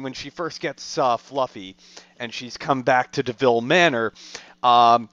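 A man's voice: medium pitch, fairly bright tone, clear, resonant tone, no room sound, highs cut off. A man co-hosting a podcast, chatting casually about a film in a rambling way full of fillers. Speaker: podcast co-host.

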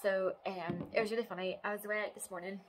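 A woman's voice: mid-range voice, fairly even intonation, fast, a little hiss or hum. A young woman, chatting casually at home as a mother vlogging, dropping into sing-song baby talk. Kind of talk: casual vlog chat. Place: at home, indoors.

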